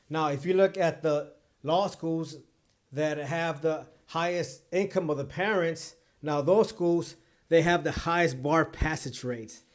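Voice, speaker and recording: Speaking directly to camera, a bar exam tutor addresses his viewers in an earnest, emphatic manner. His voice is a little high, and he returns to the same point repeatedly to drive it home.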